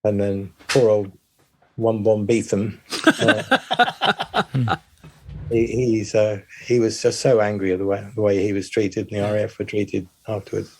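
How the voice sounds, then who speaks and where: An older man from the United Kingdom, a former pilot, chatting in an interview in a hesitant, halting way with many restarts. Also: lowish voice, animated, slight background noise. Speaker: guest, former RAF bomber pilot. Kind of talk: casual interview chat.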